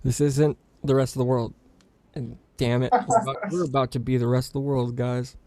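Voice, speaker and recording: Young male podcast host from the US, mid-pitched, rambling and profane, dry close mic. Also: brisk, dry recording. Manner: rambling, profane, excitable banter. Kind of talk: casual podcast chat.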